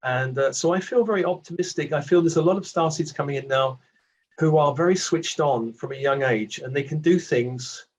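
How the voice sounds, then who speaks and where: A British man in his sixties, a reflective guest telling his story with gentle self-deprecating asides. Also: a little high, moderate pace, a little hiss or hum. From Britain. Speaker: award recipient guest. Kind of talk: reflective casual conversation. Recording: dull muffled lo-fi audio.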